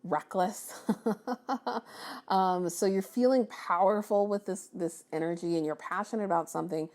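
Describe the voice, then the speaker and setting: A woman's voice: on the low side, moderate pace, darkish tone. A woman giving a casual, encouraging tarot reading, chatty with many ums and restarts. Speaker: tarot reader.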